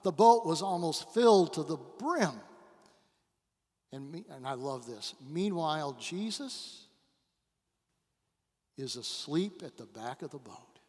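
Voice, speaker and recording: Guest pastor, male, slow dramatic sermon delivery, slightly high voice, long church reverb. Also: lively intonation, darkish tone. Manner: dramatic storytelling with long pauses and swings in volume. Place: church sanctuary.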